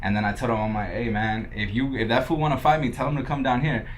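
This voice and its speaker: A man's voice: mid-range voice, steady tone, fast, slight background noise. A young man from Los Angeles, a podcast guest who tells his story casually, swearing often and acting out what others said. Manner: laid-back, swears a lot, quotes others in dialogue.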